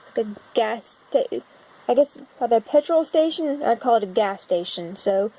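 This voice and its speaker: With her phone propped on her laptop, a young woman from the United States vlogs casually, puzzling over things as she looks at a map on her computer. Her voice is on the high side, dark in tone and expressive, at a moderate pace. The recording quality is low.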